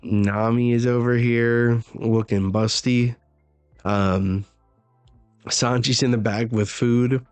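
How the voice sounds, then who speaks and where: Slow, hesitant man reacting to manga. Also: medium pitch, steady tone, no echo, faint music behind. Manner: unhurried, hesitant, with many "like" and "um" fillers. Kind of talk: live manga chapter reaction.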